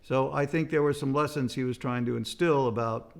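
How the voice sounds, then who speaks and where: Gravelly older man telling family stories. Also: mid-range voice, fairly even intonation, a little fast. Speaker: son recalling his father. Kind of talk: documentary interview remembrance.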